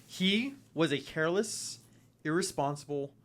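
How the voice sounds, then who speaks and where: A man voicing a stately female vampire prince who speaks in a low, formal, measured way. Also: expressive, fairly bright tone. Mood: cold.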